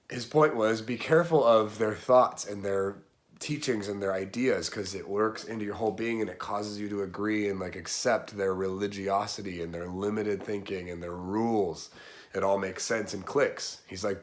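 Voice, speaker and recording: A man with a somewhat low voice walks through a Bible passage in casual commentary. His delivery is relaxed and conversational, slipping in everyday slang. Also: moderate pace. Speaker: Bible teacher.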